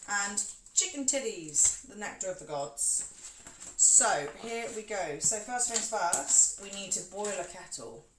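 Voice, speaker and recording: A woman's voice: medium pitch, lively intonation, a little slow. Casting note: woman, casual self-mocking cooking streamer, heard from across an echoey room. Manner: chatty and self-mocking, talks to viewers while moving around. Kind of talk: casual live-stream chat while cooking. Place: home kitchen. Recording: roomy kitchen, far from mic, background noise.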